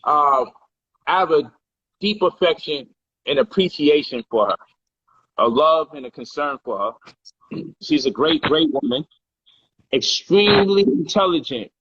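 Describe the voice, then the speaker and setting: Bright, animated man telling a story. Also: fairly high pitch, a little slow, pauses often, husky, no echo, lo-fi sound. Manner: animated, profane, acts out heated quotes loudly. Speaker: guest telling a personal story. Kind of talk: casual storytelling on a livestream. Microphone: phone or livestream mic.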